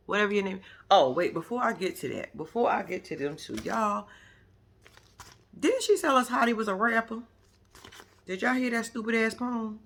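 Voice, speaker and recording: A woman's voice: medium pitch, unhurried, pauses often. A woman vlogger giving casual reaction commentary on a reality show, blunt and profane, firing off rhetorical questions at her viewers. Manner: animated, addresses the audience directly.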